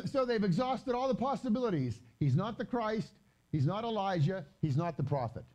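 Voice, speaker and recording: Lively, mellow-voiced man teaching scripture. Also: sits high, poor audio. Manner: reads scripture aloud slowly, then explains it in loose chatty asides. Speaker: Bible teacher. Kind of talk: conversational Bible teaching with slides. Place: gathering hall during a live-streamed event.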